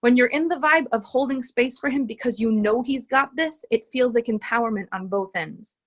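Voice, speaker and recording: Woman coach, bright-ish higher voice, earnest and emphatic, leans on repetition. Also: normal speed. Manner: earnest and emphatic, repeats key phrases. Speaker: relationship coach. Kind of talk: live coaching session, reading out viewer comments.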